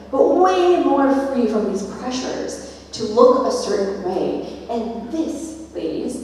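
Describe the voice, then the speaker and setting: A middle-aged woman gives an animated keynote talk, slipping into the voices of the people she quotes. Her voice is set at a middle pitch for a woman. It carries through a large, reverberant hall and reaches the mic from a distance. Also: slight background noise. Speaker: keynote speaker. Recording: echoey hall, far from mic.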